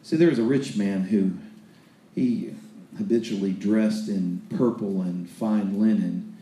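A man's voice: on the low side, unhurried, mellow, roomy sound. A man preaching a sermon in a folksy, storytelling way, often restarting his sentences.

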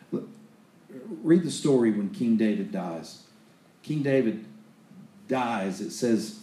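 A man's voice: fairly low pitch, dark tone, reverberant. A man preaching a sermon, retelling Bible stories in a loose, conversational way full of restarts and acted-out quotes.

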